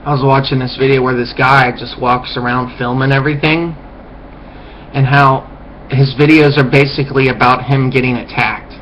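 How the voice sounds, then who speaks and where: A man's voice: mid-range voice, flat delivery, moderate pace, dull audio. A man rants to camera in an ordinary mid-range voice, swearing freely and lecturing with open contempt. A faint hiss sits under his voice throughout. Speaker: vlogger. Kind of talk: ranting monologue to camera.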